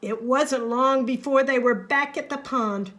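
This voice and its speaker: A woman reading a picture book aloud to young children, expressive and sing-song, then talking through the pictures. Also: high-pitched, unhurried. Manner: expressive, sing-song, shifting into character voices. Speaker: storybook reader.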